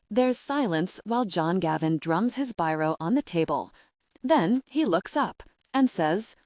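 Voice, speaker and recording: A woman narrating a first-person romantic comedy audiobook in an expressive way. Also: on the low side, unhurried, no echo, clean studio sound.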